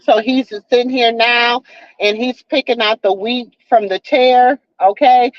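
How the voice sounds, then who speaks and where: Hosting a live stream, a woman talks at a measured pace in a high-ish voice with fairly even intonation. She's folksy and preachy, calls viewers baby and child, and keeps saying "you know what I'm saying," in dull, lo-fi audio with no room sound.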